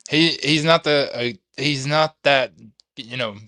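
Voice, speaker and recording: A man's voice: medium pitch, unhurried, pushed and bright, no echo, studio quality. A man hosting a casual interview, loose and conversational, often repeating himself. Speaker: interview host.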